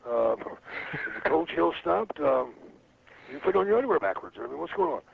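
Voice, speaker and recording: Speaking at normal speed but very animatedly, this former wrestler has a fairly high, gravelly voice. As an interview guest he tells rambling, profane stories and slips into quoted voices. The recording sounds slightly muffled, with faint noise underneath.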